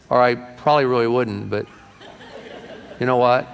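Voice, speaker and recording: A middle-aged male pastor preaching a sermon in a church, folksy and animated, slipping into acted-out voices. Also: medium pitch, normal speed, gravelly, clear, resonant tone. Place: church sanctuary. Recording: long reverb of a large hall.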